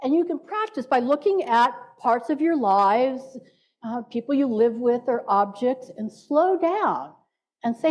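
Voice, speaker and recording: Slow, animated woman minister. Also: high voice. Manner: playful, invites congregation to repeat words. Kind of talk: sermon. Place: church sanctuary.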